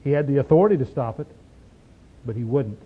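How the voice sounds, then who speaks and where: A man teaching an informal Bible study, reading verses slowly and then explaining them in a folksy, emphatic way. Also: mid-range voice, animated, husky. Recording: tinny lo-fi tape recording.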